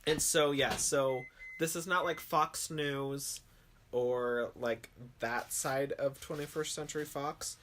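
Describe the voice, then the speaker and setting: A man's voice: medium pitch, steady tone, slow, a bit bright, slight background noise. A man co-hosting a podcast in casual news chat, chatty and full of fillers like "like", laughing at himself. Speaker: podcast co-host.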